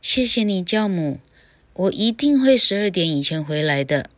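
A woman's voice: lowish voice, expressive, moderate pace, a bit bright, dry recording. A woman reading the lines of the young girl Cinderella in a raised storybook voice. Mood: grateful.

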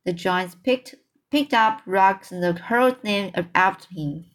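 Woman, narrator, children's book read-aloud, slow, mid pitch, restarts words. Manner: unhurried, with restarts and repeated words.

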